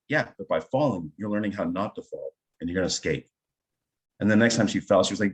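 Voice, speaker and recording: Middle-aged guy, improv teacher, low voice, keeps going "right?" while he tells stories. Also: animated, fast talker. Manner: enthusiastic, talks through anecdotes with lots of "right?". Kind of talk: conversational interview storytelling.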